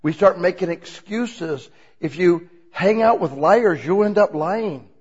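A man preaching an informal, conversational sermon, asking the congregation many questions and swinging between quiet asides and loud, emphatic lines. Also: high-pitched, takes it slowly, slightly rough, dull audio. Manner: asks the listeners many rhetorical questions.

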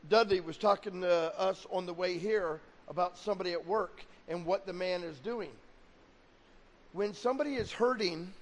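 A man delivering a sermon as pastor, his voice sitting high for a man. He slips into quoted voices as he preaches, and a long reverb rings behind him in a big hall. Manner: preaching with acted-out quotes of God and people.

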